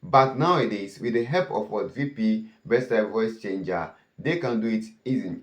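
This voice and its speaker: A man's voice: fairly low pitch, normal speed. A man hosting a cyber safety channel, warning viewers and often posing "what?" questions that he answers himself. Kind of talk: warning talk to camera. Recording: echoey room.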